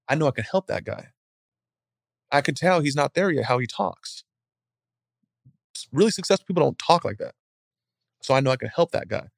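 A man giving a casual motivational talk as a guest speaker, acting out scenes in an animated, storytelling way. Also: on the high side, moderate pace, creaky, pauses often, no echo, studio quality.

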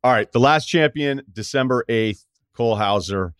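A middle-aged man from Massachusetts hosting a podcast, talking casually and profanely, with quick asides. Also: mid-range voice, fairly bright tone, clean tone, dry recording, studio quality. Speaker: podcast host. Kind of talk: casual interview and sports talk.

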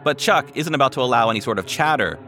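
Bright-voiced male documentary narrator. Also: mid-range voice, expressive, fast talker, soft background music. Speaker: podcast host. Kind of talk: scripted narration.

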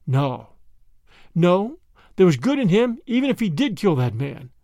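A man's voice: high voice, very animated, a little slow, dark tone, dry recording, clean studio sound, heavily acted. A man voicing a kindly, stubborn old grandmother who speaks earnestly and plaintively.

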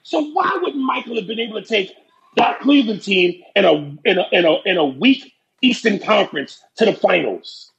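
A man's voice: high voice, very animated, normal speed, creaky, a bit bright, highs cut off. A man hosting a casual podcast, ranting brashly and profanely about sports and comedy. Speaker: podcast host.

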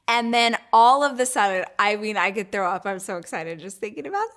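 A woman hosting her own weekly show, telling a story in a chatty, animated way, full of "like" and acting out her own thoughts in whispers and squeals. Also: medium pitch, brisk, few pauses. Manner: chatty, lots of "like". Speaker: show host. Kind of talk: casual storytelling chat.

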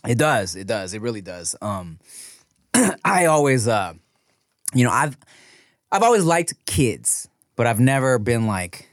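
A man, telling stories with lots of swearing and jumping up into high voices when he quotes people. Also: unhurried, long pauses, dry recording, clean studio sound. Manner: animated storyteller, swears freely, jumps to high voices when quoting people. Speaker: podcast co-host. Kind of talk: casual food podcast chat.

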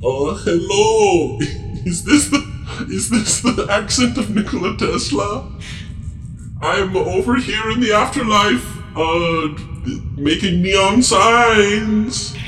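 A man putting on a high, strained voice to pretend to be a famous dead inventor, bumbling and unsure of himself. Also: lively intonation, unhurried, faint music behind, low-quality recording. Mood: goofy. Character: man faking Nikola Tesla over walkie-talkie, clumsy.

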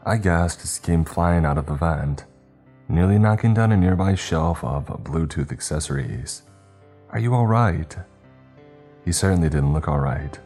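A man reading a first-person story aloud in a steady, measured way. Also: a bass voice. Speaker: narrator.

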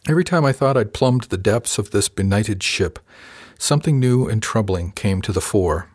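A man with a lowish voice narrating a first-person audiobook. His reading is measured and even, recorded close in a dry, dead space. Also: no room sound.

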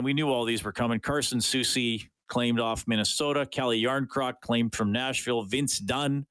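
Chatty sports radio host. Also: male voice, mid-range voice, a bit bright, no room sound. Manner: chatty, thinks aloud with restarts. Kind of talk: casual radio sports talk. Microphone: studio microphone.

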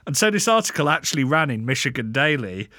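A man's voice: mid-range voice, big pitch swings, quick pace, bright, forceful tone, no room sound, studio quality. A man presenting a story in a casual podcast chat, amused and given to fillers and laughs. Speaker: podcast co-host presenting a topic.

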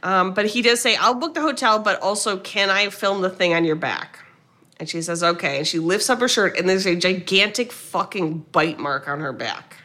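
A woman co-hosting a podcast, retelling a film's plot in a casual, animated way, quoting the characters and swearing now and then. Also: mid-range voice, moderate pace. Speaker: podcast co-host. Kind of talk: casual movie recap chat.

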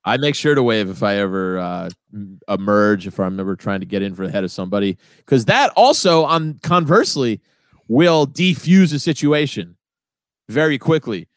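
A man chatting casually on a podcast, excitable, laughing often and swearing freely. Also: lowish voice, normal speed, no room sound.

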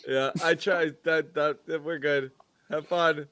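مقدم بودكاست رجل، صوت جاف قريب من الميكروفون، حديث عفوي مسترسل. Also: male voice, on the high side, unhurried, dry recording, studio quality. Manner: relaxed, rambling, trailing filler phrases. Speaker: podcast host. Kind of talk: casual chat.

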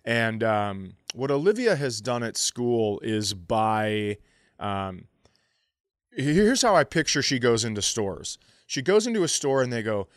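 A middle-aged man tells a comic story on a podcast, swearing freely and acting out other people's lines in a raised voice. His pitch is medium for a man. The sound is dry and close. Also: measured pace, dry recording. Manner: animated, profane, acts out quotes in raised voice. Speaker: podcast co-host. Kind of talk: casual comedic storytelling.

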